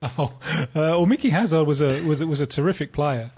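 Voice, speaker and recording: A man speaking as a football pundit on a radio panel, halting and repeating words as he builds his point. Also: fairly high pitch, darkish tone, breathy edge.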